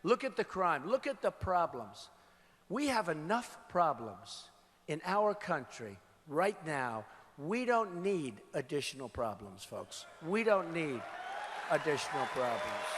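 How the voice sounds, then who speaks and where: Forceful, high and bright, a man's voice rings through a big indoor rally hall as a candidate gives his campaign speech. He hammers his points, repeats phrases and shouts out to the crowd, with crowd murmur and arena echo all around.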